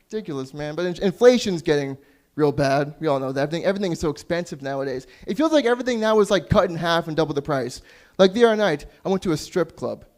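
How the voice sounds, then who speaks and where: A man's voice: on the high side, expressive, fast talker, a little mellow. A young Canadian man doing open mic stand-up, crude and self-deprecating, sometimes losing track of his jokes. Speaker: stand-up comedian. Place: small comedy club stage.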